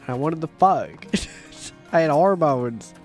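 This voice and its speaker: A man in his thirties chatting casually on a game livestream, rambling and swearing, with sudden loud outbursts. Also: a little high, animated, soft background music. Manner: profane, rambling, quick bursts of shouting. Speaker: streamer. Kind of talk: casual livestream chat while gaming.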